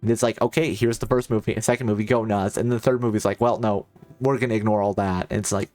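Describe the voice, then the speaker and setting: A man's voice: on the low side, steady tone, fast, darkish tone, soft background music. A man streaming a video game, chatting casually and rambling into joking asides to his chat. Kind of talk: casual let's-play chat.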